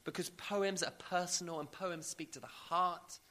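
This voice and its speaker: Male preacher, bright slightly high voice, emphatic sermon delivery, some hesitant fillers. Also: measured pace. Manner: emphatic, builds with rising repeated questions.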